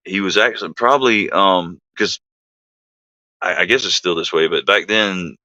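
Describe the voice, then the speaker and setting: A man's voice: sits low, moderate pace, pushed and bright, dry recording, highs cut off. A man hosting a livestream, telling a rambling army anecdote in a casual way, full of fillers and asides to his chat. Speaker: livestream host, army veteran. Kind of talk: casual storytelling.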